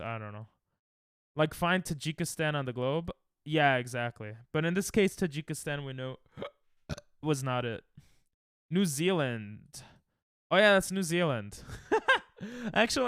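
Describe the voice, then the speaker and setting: A man's voice: a little high, fairly bright tone, smooth, no room sound, clean studio sound. A young American man streaming a geography guessing game, thinking aloud and trash-talking his chat. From United States. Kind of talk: casual live-stream chatter while playing.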